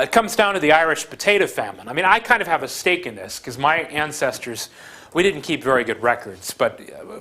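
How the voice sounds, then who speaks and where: Lively conversational male university lecturer. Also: fairly high pitch. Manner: conversational, many fillers and restarts, animated emphasis. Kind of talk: classroom lecture.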